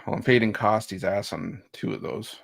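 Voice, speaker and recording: A man with a gravelly, low voice reads out his sports picks. He teases his co-hosts and cracks jokes, trips over his words at times, and keeps a casual betting-show tone. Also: fairly even intonation, normal speed. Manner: teasing, joking banter with restarts.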